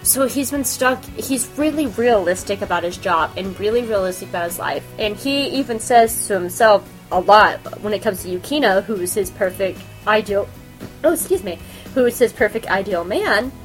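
Brief: excitable woman host, casual chat, laughs and swears freely. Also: mid-range voice, moderate pace, faint music behind. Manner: animated, giggly, profane fangirl gushing. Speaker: podcast host.

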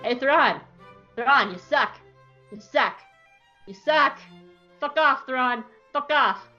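A woman's voice: high voice, slow, sharp tone, highs cut off, soft background music, full character voice. A woman voicing a defiant captured imperial agent who taunts his captors. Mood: taunting. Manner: taunting, repetitive.

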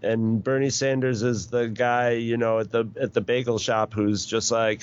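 A man's voice: medium pitch, level tone, normal speed, smooth. A middle-aged man in casual chat, rambling along with many restarts and chuckles. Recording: dull lo-fi recording.

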